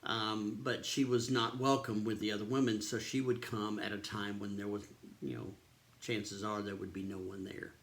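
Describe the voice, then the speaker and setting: A man's voice: fairly low pitch, flat delivery, moderate pace, fairly bright tone. A man, a pastor casually retelling a Bible story in a devotional, with many ums and uhs.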